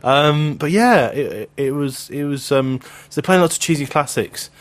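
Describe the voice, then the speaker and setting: A man's voice: fairly high pitch, normal speed. A man presenting a radio show, chatting casually and rambling through asides with frequent laughter. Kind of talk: casual on-air banter.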